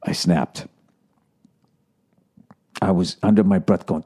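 A middle-aged man, a comedian, telling a story in a casual monologue, swearing constantly and mocking himself with animated rants. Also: deep voice, slow pace, pauses often, husky. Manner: profane, self-deprecating, animated ranting. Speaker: comedian podcast host.

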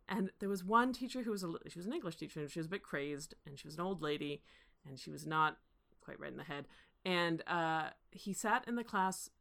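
A woman co-hosting a casual film discussion, talking in an animated way with restarts and laughs. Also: fairly low pitch, vocal fry. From Canada. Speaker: podcast co-host.

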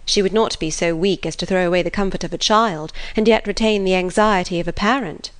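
A woman reading the part of a calm, sensible young woman who reasons firmly. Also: on the low side, lightly acted. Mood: reasoning. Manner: calm, measured.

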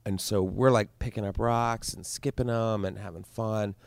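A young man casually telling a story, lively and acting out the voices of the people in it. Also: fairly low pitch, moderate pace, gravelly, dry recording. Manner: animated, acts out voices in his stories.

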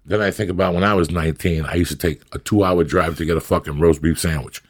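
A middle-aged actor and comic, guesting on a casual podcast, rambles through stories bluntly and profanely. His voice is deep and fast with fairly even intonation.

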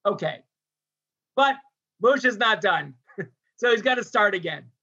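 A man teaching a religious text as a lecture, animated and voicing its characters, often restarting mid-phrase. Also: sits high, measured pace, husky, dull audio.

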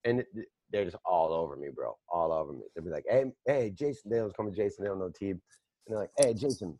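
A man's voice: low voice, animated, racing, dark tone, no echo. A man hosting a podcast, rambling through profane stories in casual chat on a close mic. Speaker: podcast host.

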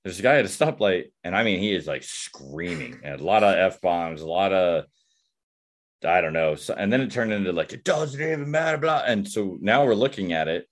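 A man's voice: sits low, moderate pace. A man chatting casually and telling rambling, laid-back stories with plenty of slang. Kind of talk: casual chat.

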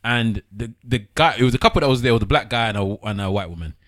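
A man telling an animated story in casual chat, pitching his voice up to act out the people in it. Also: quick pace, no room sound, clean studio sound. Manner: animated storyteller, voice jumps up when acting out others.

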